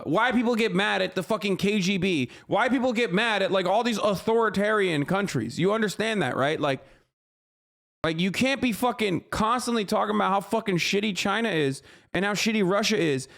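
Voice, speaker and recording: Male streamer, raised pitch, profane and fired-up reaction commentary. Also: lively intonation, normal speed, creaky, fairly bright tone. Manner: heated, profane ranting; scolds his chat directly. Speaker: livestreamer.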